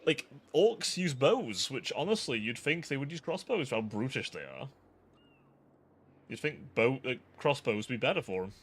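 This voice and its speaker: British man, live gameplay commentary, chatty, self-interrupting, mid-pitched. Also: very animated, normal speed, breathy edge. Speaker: streamer.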